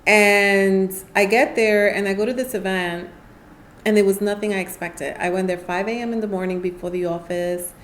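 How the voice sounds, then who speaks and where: A woman from New York City, a nonprofit founder, tells stories as a guest on a podcast in a casual interview chat. Her mid-range voice moves at a moderate pace over slight background noise, and she animatedly acts out the voices of the people she quotes.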